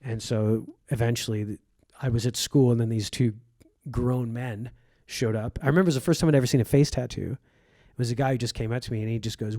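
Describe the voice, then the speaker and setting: A man's voice: mid-range voice, steady tone, quick pace, warm tone, no echo. A man from Egypt, a comedian guest, telling vivid stories from his childhood and acting out the people in them. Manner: vivid storyteller, acts out quoted voices. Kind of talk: storytelling in conversation.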